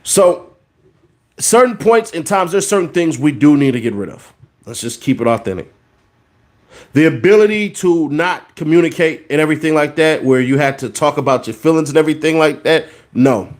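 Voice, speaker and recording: A man's voice: on the high side, lively intonation, normal speed. A man in his thirties hosting a podcast, giving a casual, preachy monologue and repeating words for emphasis. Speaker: podcast host.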